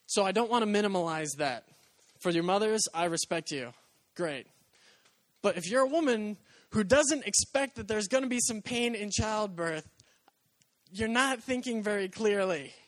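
A young male pastor with a notably high voice delivers a heartfelt, conversational sermon, slipping into the voices of the people he quotes. The sound is close and dry, with no room echo. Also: animated, moderate pace.

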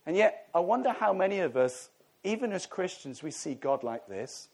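A middle-aged man preaches in a relaxed, conversational manner and slips in jokes as he goes. His voice sits a little high and swings widely up and down in pitch, which gives the sermon an animated feel. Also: normal speed, gravelly. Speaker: pastor.

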